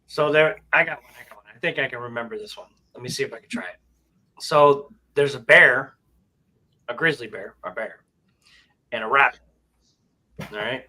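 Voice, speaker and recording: A man in casual banter, telling an animal joke with loud voices for the characters. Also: medium pitch, normal speed, pauses often.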